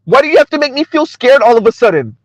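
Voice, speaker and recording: A man puts on a whiny, breathy, falsely frightened well-off woman, lifted high above his own voice and fluttering up and down. She sounds prissy and put upon, and the voice is close and dry. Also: sing-song, fast, no echo, low-quality recording. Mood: mock scared.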